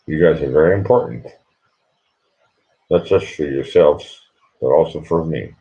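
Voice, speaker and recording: A sleepy man hosting a late-night livestream, talking quietly and rambling so he won't wake anyone at home. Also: extremely low pitch, measured pace, highs cut off. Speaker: livestream host.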